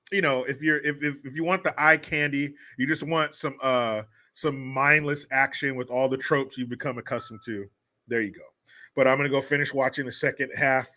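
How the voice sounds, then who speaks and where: A man's voice: mid-range voice, bright, forceful tone. A man hosting a livestream, ranting in profane, mocking commentary. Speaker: livestream host.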